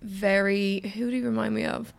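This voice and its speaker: Gravelly-voiced woman, laid-back. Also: mid-range voice, fairly even intonation, unhurried. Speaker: podcast co-host. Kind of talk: casual music chat.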